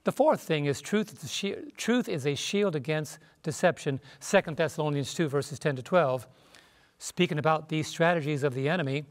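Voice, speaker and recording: A man with a somewhat high voice teaches a Bible study on a television panel. He talks in an earnest teaching manner, quoting scripture as he goes. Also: moderate pace. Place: television studio.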